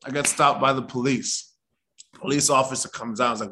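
An actor tells a story during a relaxed interview, animated and performing the voices of the people involved. His voice is mid-range and a little fast.

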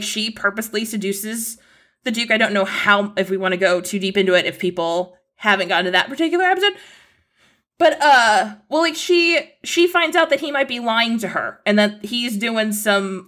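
A woman's voice: fairly high pitch, pushed and bright. A young adult woman, an entertainment journalist guest, chatting casually and rambling with many "like" fillers. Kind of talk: casual podcast chat.

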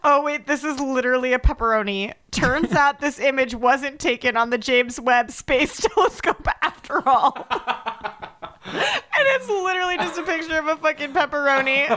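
A woman's voice: sits high, moderate pace, fairly bright tone. A woman co-hosting a podcast in casual chat, joking and giggling through banter. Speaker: podcast co-host.

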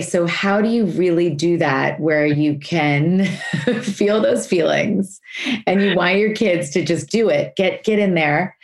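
A woman's voice: on the low side, vocal fry. A woman podcast host talking candidly and reflectively about her own feelings, laughing easily. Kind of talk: podcast interview, personal reflection.

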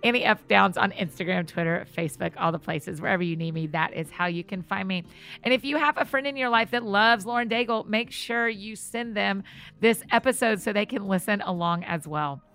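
A woman's voice: medium pitch, a little fast, fairly bright tone. A woman hosting a podcast, chatty and effusive as she talks to her guest and listeners. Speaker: podcast host. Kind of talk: casual podcast interview and outro.

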